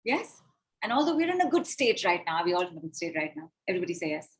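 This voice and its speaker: A woman, leading a spiritual money coaching call, chanting affirmations and breath cues in slow repetitions. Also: on the low side, big pitch swings. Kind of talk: guided affirmation session on a call.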